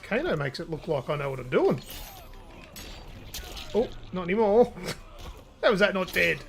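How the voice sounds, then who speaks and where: An Australian man co-hosting a live show, chatting casually while playing a fighting game, excitable and swearing a lot. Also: high voice, moderate pace, gravelly, slight background noise. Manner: excitable, swears, laughs often. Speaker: co-host. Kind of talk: casual gaming banter.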